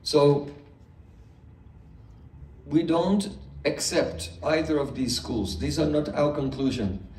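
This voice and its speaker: A man's voice: on the high side, takes it slowly, long pauses, a little mellow. A man giving a philosophy lecture as a spiritual teacher, explaining step by step and asking rhetorical questions. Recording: echoey room, mic far off.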